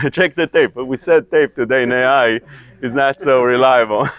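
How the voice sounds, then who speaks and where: A man's voice: mid-range voice, slow, a bit bright, highs cut off. A man, a rabbi, teaching a Talmud lecture to a study group, asking and answering his own questions with many restarts. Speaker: rabbi teaching a kollel class.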